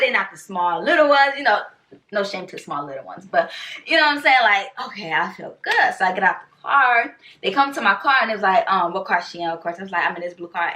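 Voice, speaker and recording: A woman's voice: medium pitch, bright, forceful tone, recorded from a distance. A young woman from Rochester, New York, telling a story on her vlog in a casual, slangy way and acting out the dialogue. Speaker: vlogger.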